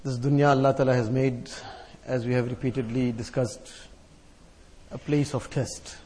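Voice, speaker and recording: An Islamic scholar gives a sermon to scholars and elders, chanting Arabic verses and explaining them in rhythmic, repeated lists. His mid-range voice has a darkish tone, fairly even intonation and a moderate pace, with slight background noise and long hall reverb.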